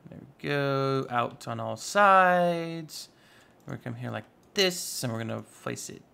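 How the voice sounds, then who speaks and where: A man's voice: medium pitch, lively intonation, measured pace, vocal fry, bright, forceful tone, clean tone. A man giving casual, chatty commentary while playing a modded block-building game, rambling with playful asides. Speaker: Minecraft YouTuber.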